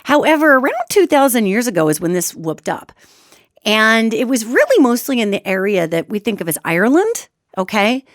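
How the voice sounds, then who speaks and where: A woman host telling an animated story in a casual, expressive way, acting out quotes. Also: a little high, moderate pace, dry recording, studio quality. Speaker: radio show host.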